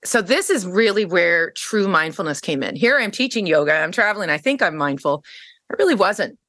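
A woman guest on an interview podcast, telling a personal story in a casual, animated way, jumping into a higher pitch when she quotes people. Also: fairly quick, no echo. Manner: frequent fillers and restarts.

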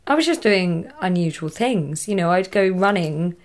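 A woman's voice: lowish voice, animated, moderate pace. A young woman with an English accent, talking casually as a guest about a hard time in her life. She laughs often and trails off mid-thought. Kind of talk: casual conversation.

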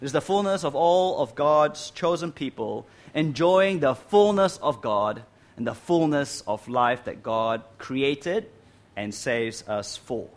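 A man's voice: medium pitch, animated, takes it slowly. A man preaching a sermon in a church hall, reading scripture aloud and stressing key words, checking in with "right?" again and again. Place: church hall with air conditioning.

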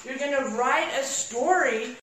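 Animated woman speaker, roomy distant sound. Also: high voice, unhurried, slight background noise. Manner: animated, exclamatory, with acted asides. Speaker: motivational speaker. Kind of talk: storytelling motivational talk.

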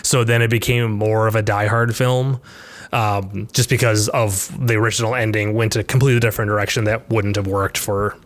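A man's voice: fairly low pitch, little pitch movement, fairly quick. Rambling man chatting about movies. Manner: rambling, many restarts, laughs often. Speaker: podcast co-host. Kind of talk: casual movie discussion.

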